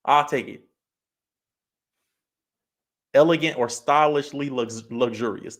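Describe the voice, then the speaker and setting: A man's voice: mid-range voice, normal speed, fairly bright tone. Male streamer from California, easygoing chat delivery, frequent laughs, reads comments aloud. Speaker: livestream host. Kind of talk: casual livestream chat.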